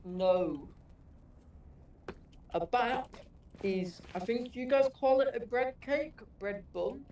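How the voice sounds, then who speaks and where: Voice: medium pitch, slow pace, a little mellow. A speaker from England, patiently explaining words in casual chat on a gaming stream. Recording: roomy, distant mic with faint noise.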